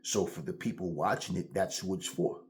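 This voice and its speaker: A man hosting a commentary vlog, ranting in a blunt, profane, animated way. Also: sits low, normal speed, slight background noise. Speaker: channel host.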